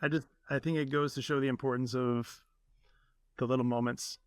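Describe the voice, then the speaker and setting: A man's voice: mid-range voice, steady tone, moderate pace, no room sound, clean studio sound. A man hosting a podcast, talking earnestly with his guest in a casual interview. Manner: earnest, warm-hearted, many fillers. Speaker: podcast host.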